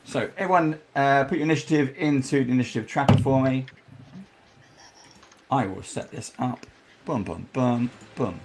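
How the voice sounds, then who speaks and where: A man running a tabletop game as dungeon master, describing scenes slowly and adding sound effects. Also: mid-range voice, noisy background.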